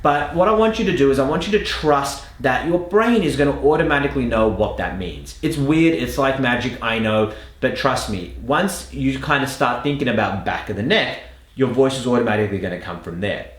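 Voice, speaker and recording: Lively man coaching in an echoey room. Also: medium pitch, brisk. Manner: lively, emphatic teaching delivery. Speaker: accent coach. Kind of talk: instructional lesson.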